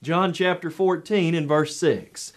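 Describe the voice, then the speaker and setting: A man preaching a televised sermon lesson, measured and emphatic, with repeated rhetorical questions. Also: a little high.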